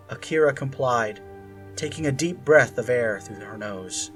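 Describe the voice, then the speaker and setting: A reader narrating a fan fiction chapter in a measured storytelling voice. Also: medium pitch, a bit bright, slightly rough, faint music behind.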